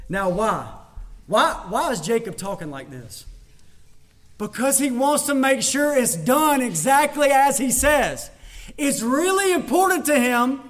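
High-voiced man preaching a sermon. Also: fairly bright tone. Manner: repetitive, emphatic, conversational preaching. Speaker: pastor.

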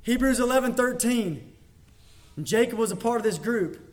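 A man's voice: very high voice, expressive, normal speed. A man preaching a sermon as a pastor, talking conversationally with emphatic repetition.

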